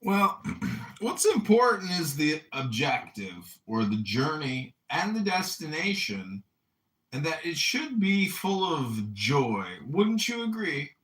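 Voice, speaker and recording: A man hosting a casual talk show, teasing a caller in a deadpan, mock-earnest way. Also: fairly high pitch, slow, roomy sound, recorded from a distance. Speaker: host. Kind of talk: casual chat, teasing call.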